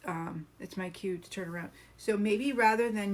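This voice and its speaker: A woman's voice: mid-range voice, moderate pace. A woman hosting a live coaching stream, talking earnestly and encouragingly, asking her viewers questions.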